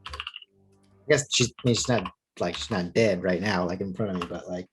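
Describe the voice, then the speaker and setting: A man playing in a tabletop game over an online call, chatting casually with relaxed, self-deprecating remarks. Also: sits low, moderate pace, music in the background. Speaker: player. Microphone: online call microphone.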